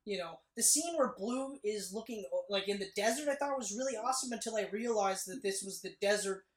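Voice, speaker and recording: Woman podcast cohost, animated movie rant, mid pitch, roomy echo. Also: a little fast. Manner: animated, swearing, acts out characters' lines. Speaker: podcast co-host. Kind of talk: casual movie review chat. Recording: echoey room.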